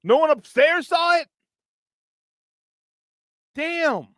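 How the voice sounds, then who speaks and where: Fired-up high-voiced sports host. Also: male voice, expressive, drawn-out words, pushed and bright, dry recording. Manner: frustrated, profane, mocking impressions. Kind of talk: heated sports talk rant.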